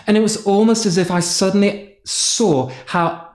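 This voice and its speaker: A pastor from North Yorkshire, England, preaches a sermon in a high, steady voice at a moderate pace, with reverb around him. He tells a personal story and acts out his own frustrated prayers.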